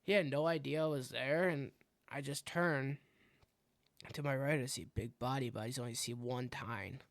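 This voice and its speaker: A young man tells hunting stories on a podcast. His voice has a gravelly, fried texture. The sound is dry and close, and he acts out his own reactions as the story goes along. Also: mid-range voice, normal speed, no room sound. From Wisconsin. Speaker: podcast co-host. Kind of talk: casual hunting story chat.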